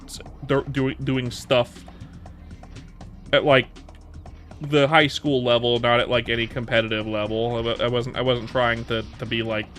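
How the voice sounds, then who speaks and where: A man's voice: medium pitch, level tone, moderate pace, a bit bright, faint music behind. A man in his thirties chatting casually on a livestream, answering viewer questions in a rambling way with many restarts and repeated words. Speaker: streamer.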